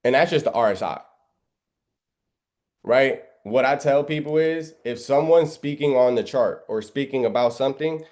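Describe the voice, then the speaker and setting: A trading instructor with a darkish, mid-range voice gives a live lesson over screen share at a moderate pace. He's emphatic and preachy, constantly asking "right?" and tossing out rhetorical questions and biblical references.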